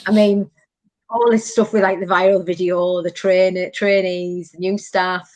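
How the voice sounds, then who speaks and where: A woman's voice: fairly low pitch, a little slow, no echo. A woman, telling stories animatedly in casual chat as podcast host. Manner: animated storytelling, many fillers.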